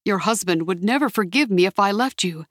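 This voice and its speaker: A woman's voice: medium pitch, expressive, fairly quick, fairly bright tone, no room sound, clean studio sound, natural voice. A woman voicing a loyal, earnest man. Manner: respectful, earnest. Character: loyal, devoted man servant.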